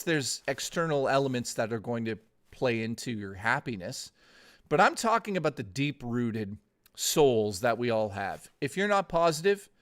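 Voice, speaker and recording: A man's voice: mid-range voice, fairly bright tone. A man hosting a live stream, talking earnestly and motivationally to his viewers, cursing freely and losing his voice. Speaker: streamer host. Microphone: desk mic.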